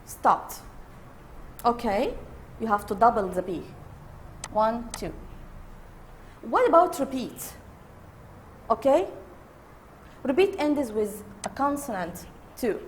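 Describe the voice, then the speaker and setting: Slow-talking woman teacher. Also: on the high side, very animated, a little hiss or hum. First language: Arabic. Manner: slow, repeats key words, switches into Arabic to explain. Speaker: English teacher. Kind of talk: online grammar lesson.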